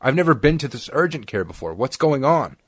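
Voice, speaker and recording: A young man co-hosts a podcast, his mid-range voice fairly quick with a breathy edge. Recorded dry in a clean studio, he tells a story in casual chat, animatedly acting out the quoted voices.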